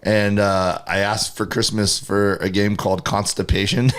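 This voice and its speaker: A man's voice: lowish voice, flat delivery, moderate pace, fairly bright tone. A man co-hosting a comedy podcast, telling rambling stories and plugging his tour dates. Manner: rambling storyteller, self-correcting. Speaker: stand-up comedian co-host. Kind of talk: casual podcast banter.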